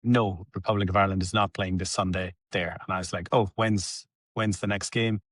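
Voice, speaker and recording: An enthusiastic man hosts a conversational podcast, quick to affirm and easy in his chat. His voice is on the low side. The sound is close and dry. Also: fairly even intonation, a bit bright, no room sound. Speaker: podcast host. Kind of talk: casual interview chat.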